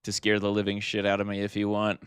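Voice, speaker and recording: During a live game stream from his home setup, a man chats casually with viewers, thanking them and thinking aloud as he plays. His voice is fairly low and monotone, the pace is quick, and there's a little hiss or hum.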